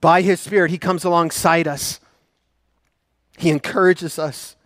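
A man preaching a sermon as a pastor, swinging between loud, raised questions and soft, low passages. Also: fairly even intonation, unhurried, no echo, studio quality.

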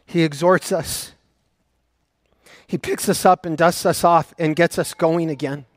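A man preaching a sermon as a pastor, swinging between loud, raised questions and soft, low passages. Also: steady tone, a little slow, no room sound, clean studio sound.

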